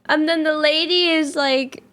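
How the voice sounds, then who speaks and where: A woman's voice: high voice, steady tone, a little slow, a bit bright. A young woman VTuber telling a story to her chat in a casual, rambling way, laughing often and full of fillers. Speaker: VTuber streamer.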